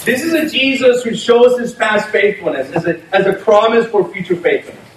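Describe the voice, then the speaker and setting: A man preaching a sermon in an animated, conversational way, often breaking into laughter. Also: sits high, fairly quick. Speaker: pastor. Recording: echoey room, mic at a distance, faint noise.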